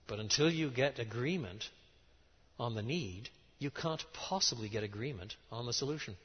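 A middle-aged man preaching a lecture-style sermon, emphatic and animated, with sudden rises and drops in his voice. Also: mid-range voice, normal speed, husky. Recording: dull sound in a large reverberant hall.

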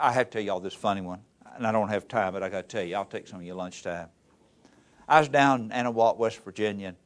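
A middle-aged man, a pastor teaching a class in a folksy, animated storytelling manner. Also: on the low side. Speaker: pastor teaching ministry students. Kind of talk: lecture with folksy anecdotes.

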